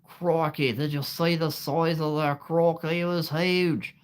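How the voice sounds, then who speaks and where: A man putting on an Australian accent to impersonate an excitable male wildlife presenter, exclaiming in a raised voice. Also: a little high, slow, clean tone, pitched above the performer's own voice. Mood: excited. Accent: Australian, put on.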